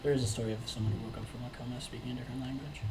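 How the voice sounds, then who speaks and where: A woman's voice: extremely low pitch, steady tone, rapid-fire. A woman in casual podcast chat, chiming in with brief, dry remarks. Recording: noisy recording.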